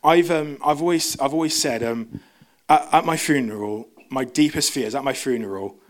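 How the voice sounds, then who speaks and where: A young man gives a relaxed sermon in a church. His talk is chatty and full of restarts. He jumps into a higher voice when he plays out the people in his stories. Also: moderate pace. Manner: chatty, self-interrupting, acts out quotes in a high voice. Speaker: preacher. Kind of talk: casual sermon.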